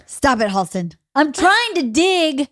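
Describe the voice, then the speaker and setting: A woman's voice: high-pitched, big pitch swings, slow, fairly bright tone, no echo, clean studio sound. A woman in her forties hosting a podcast, chatting casually and teasingly with her teenage daughter, sounding tired and yawning. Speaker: podcast host.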